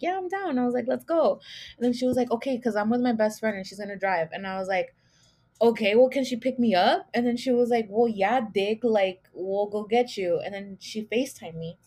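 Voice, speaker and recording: This young woman's voice sits on the high side with a darkish tone. On her own podcast she meanders through a casual story full of "like" and profanity, often laughing at herself.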